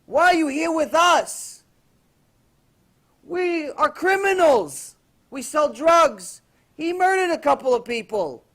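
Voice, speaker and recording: A man's voice: very high voice, lively intonation, slow pace, long pauses, a bit bright, pitched above the performer's own voice, exaggerated voice. A man voicing a tough adult male jail inmate who questions someone bluntly and insistently, inside a spoken sermon. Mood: incredulous.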